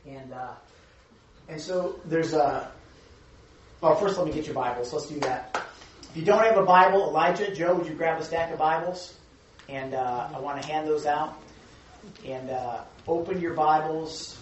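A hoarse man with a raspy, fairly high voice preaches earnestly to a congregation. The sound comes from a distant mic in a very echoey church hall. The recording is dull and muffled. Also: moderate pace, a little hiss or hum. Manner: earnest, conversational preaching with many fillers. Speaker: pastor. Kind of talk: sermon.

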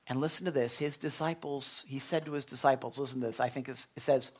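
Earnest pastor preaching in a conversational way. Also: male voice, mid-range voice, fairly even intonation, fast talker, few pauses. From Italian background. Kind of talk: sermon.

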